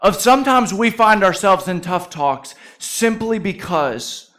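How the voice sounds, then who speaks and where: A man's voice: high voice, animated, unhurried, a bit bright. A male pastor preaching a conversational sermon, telling stories with frequent "uh" fillers.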